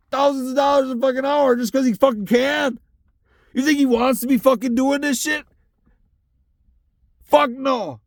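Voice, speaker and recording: A young man talks alone from his truck, ranting loosely and swearing at every turn. His voice sits high and has a gravelly edge. The sound is dry and close, with no room echo. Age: young adult. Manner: profane, rambling, heated. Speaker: solo podcast host. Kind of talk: casual solo rant.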